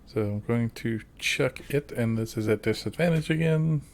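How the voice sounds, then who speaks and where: A man's voice: mid-range voice, normal speed, vocal fry. A man playing in a tabletop game, chatty and hesitant, with lots of ums as he works out his moves. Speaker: player.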